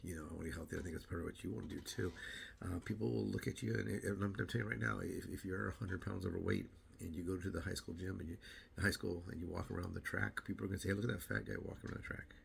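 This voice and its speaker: A man's voice: low voice, steady tone, rapid-fire, vocal fry, a little hiss or hum. A middle-aged man rambling casually to camera about his weight loss, repeating words and acting out what other people say.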